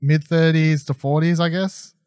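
A man's voice: a little high, steady tone, moderate pace, darkish tone, clear, resonant tone, no echo. Chatty, enthusiastic man in a dry room. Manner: enthusiastic, rambling, lots of fillers and restarts. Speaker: podcast co-host reviewing a TV episode. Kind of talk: casual chat.

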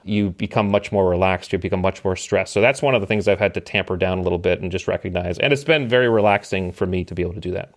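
Lively storytelling man, fairly low voice. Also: fast talker, hardly any pauses. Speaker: podcast guest, former special operations member. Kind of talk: storytelling in casual conversation.

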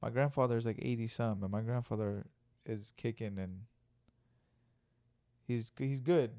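A young man hosting a podcast in casual, profane, excitable chat, riffing loudly on what he sees. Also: medium pitch, normal speed, no room sound. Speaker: podcast host.

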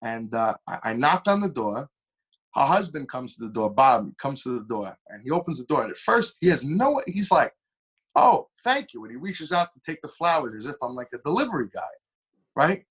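A young man, a singer telling stories as a podcast guest in a lively, animated way. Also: a little fast, slightly rough. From Long Island, New York. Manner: animated storyteller with shifting pitch and pace. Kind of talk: casual storytelling interview.

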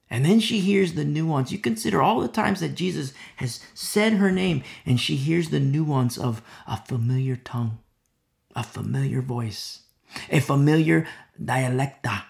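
A preacher with a gravelly edge to the voice delivers an impassioned sermon. The delivery swings between firm, raised emphasis and near-whispered asides, and key phrases come back again and again. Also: mid-range voice. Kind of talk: expository sermon.

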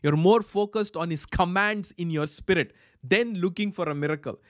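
A high-pitched male preacher delivers a charismatic sermon full of fervent, repeated phrases, drifting into speaking in tongues as he leads prayer. The sound is close and dry, with no room around it. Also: normal speed, no room sound. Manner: fervent, repetitive, breaks into tongues.

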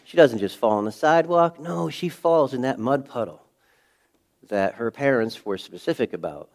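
Preaching in a conversational style, a middle-aged pastor poses rhetorical question after rhetorical question, alternating between loud emphasis and quiet, hushed passages. He speaks expressively at a moderate pace in a medium pitch.

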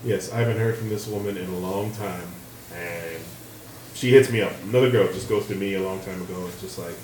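A young man co-hosting a podcast, chatting casually and telling stories animatedly, swearing and jumping his voice high when he quotes people. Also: fairly quick, darkish tone. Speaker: podcast co-host. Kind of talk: casual chat, storytelling. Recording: roomy room, voice slightly off-mic, faint noise.

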